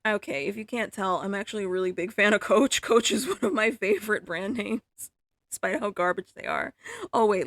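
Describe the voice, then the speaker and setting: Foul-mouthed woman livestreaming, gravelly and lively. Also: mid-range voice, dry recording, studio quality. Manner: swears freely, exclaims in disbelief. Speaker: livestreaming artist. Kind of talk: casual livestream chat.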